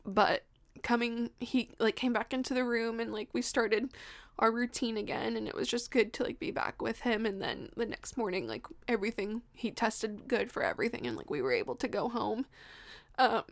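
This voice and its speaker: Tearful young woman, high voice. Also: moderate pace. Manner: tearful, laughing through tears, fills talk with "like". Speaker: podcast host telling her birth story. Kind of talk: emotional personal storytelling.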